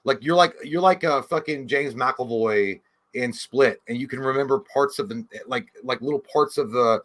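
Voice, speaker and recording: A man co-hosting a casual livestream, animated and profane, acting out bits of dialogue in his jokes. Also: mid-range voice, moderate pace. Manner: animated, swearing, acts out voices in jokes. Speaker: podcast co-host.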